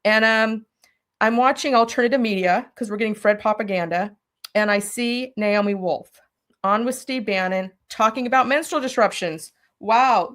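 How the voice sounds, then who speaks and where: A woman telling a personal story as an interview guest, animated and speaking directly to her listeners. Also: mid-range voice, moderate pace. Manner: animated, talks straight to listeners.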